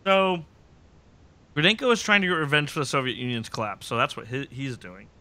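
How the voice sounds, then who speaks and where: A man's voice: mid-range voice, brisk, pushed and bright. A male podcast host recapping a TV episode in casual chat, joking and acting out scenes.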